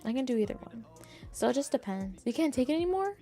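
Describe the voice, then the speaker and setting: A bubbly young woman chats with her stream in a higher voice, full of "like"s. She acts out quoted voices as she goes. Faint music plays behind her. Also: big pitch swings, fast talker, dark tone. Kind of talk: casual chat with live chat.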